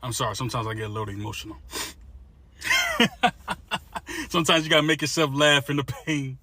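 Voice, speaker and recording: A man's voice: medium pitch, rapid-fire, sharp tone, a little hiss or hum. A man ranting to his phone camera about being tired of working, weary and profane, laughing through his frustration. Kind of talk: emotional rant to camera.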